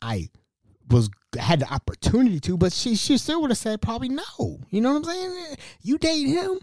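Animated man telling a story. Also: extremely high pitch, moderate pace, dry recording, studio quality. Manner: animated, stammering repeats. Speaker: podcast host. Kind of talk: storytelling monologue.

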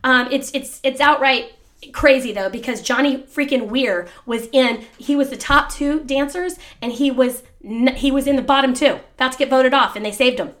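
A middle-aged woman co-hosting a podcast, chatting and gushing with quick asides. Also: high-pitched, fairly bright tone. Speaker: podcast co-host. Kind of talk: casual chat.

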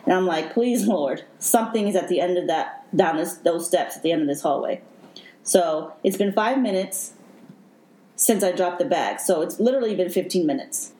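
A woman hosting a podcast who tells her own story in an emotional, halting way with many fillers. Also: on the low side, expressive, dark tone. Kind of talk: personal storytelling. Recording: echoey room.

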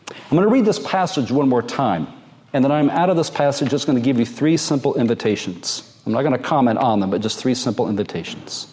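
A man, a pastor, preaching a sermon in a slow, gentle and earnest way, with drawn-out pauses. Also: medium pitch.

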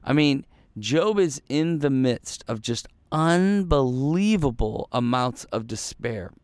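A pastor hosting a devotional podcast talks slowly and expressively in a mid-range, darkish voice. His casual delivery is earnest and rambling, full of restarts and repeats, captured in a dry recording.

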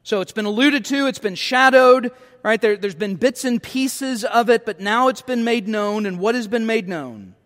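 Man, pastor, high voice, animated sermon, rhetorical questions, long hall reverb. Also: moderate pace. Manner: animated preaching with rhetorical questions and emphatic repeats.

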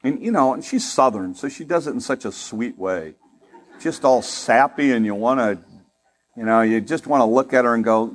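Conversational male pastor preaching. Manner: conversational preaching with humorous asides and rising emphasis; softer, slower and lower in prayer. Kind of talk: sermon.

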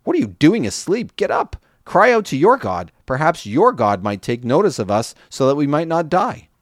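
A man's voice: a little high, big pitch swings, moderate pace, no echo, studio quality, pitched above the performer's own voice. A man reading aloud as a frightened ship's captain who urges a sleeper to get up and pray. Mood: urgent.

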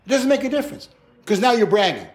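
A male pastor preaching a sermon in an animated, conversational way, with playful acted asides. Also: very high voice, fast talker.

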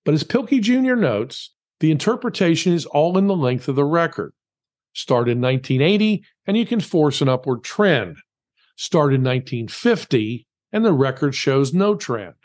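A man with a slightly higher voice delivers a scripted podcast commentary. He reads emphatically and drops wry, sarcastic asides. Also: sing-song, normal speed, a little mellow.

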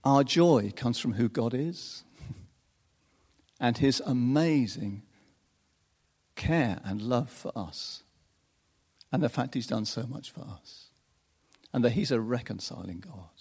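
A man preaching a sermon in an unhurried, expressive way, chuckling often between phrases. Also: mid-range voice, slightly rough. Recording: long reverb of a large hall.

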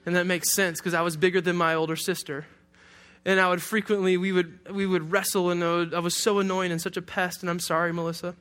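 A young man from Detroit delivers a sermon in a notably high voice. He preaches in a loose, joking way, with humorous asides to his listeners. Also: little pitch movement, fast talker, a bit bright. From Detroit, USA. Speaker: pastor.

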